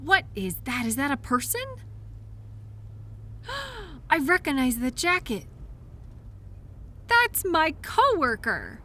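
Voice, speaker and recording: A woman's voice: sits high, huge pitch swings, slow pace, pauses often, a bit bright. A young woman performing a scripted audio role-play as a coworker who finds the listener in a blizzard, fussy and scolding, then apologetic, with quirky mild exclamations.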